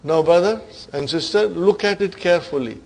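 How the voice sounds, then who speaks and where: A man's voice: high voice, normal speed, gravelly, a little mellow, low-quality recording. A man teaching an Arabic grammar class, quizzing his students with repeated questions and slipping into Urdu phrases now and then. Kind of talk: classroom lecture.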